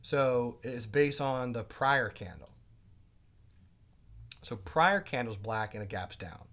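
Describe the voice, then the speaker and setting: A man teaching a live day trading class, chatting casually, asking his viewers quick questions and reading out their comments. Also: mid-range voice, animated, fairly bright tone. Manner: asks quick questions to the audience.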